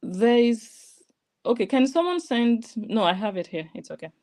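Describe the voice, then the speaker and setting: A woman's voice: fairly high pitch, sing-song, normal speed, noisy background. A woman, giving mocking, scolding reaction commentary on clips she plays. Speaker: online commentator.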